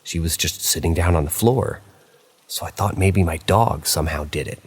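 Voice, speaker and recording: Here a very deep-voiced man narrates horror tales at a normal speed, his voice husky. The reading feels easygoing and conversational, broken up at times by casual asides.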